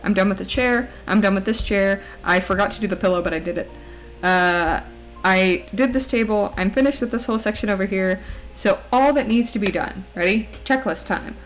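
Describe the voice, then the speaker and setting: A woman's voice: normal speed, soft background music, low-quality recording. A woman streamer chatting casually while she draws, her voice cracking now and then after a long recording session, playful and self-teasing. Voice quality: high, mousy voice. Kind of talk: casual live-stream chat while drawing.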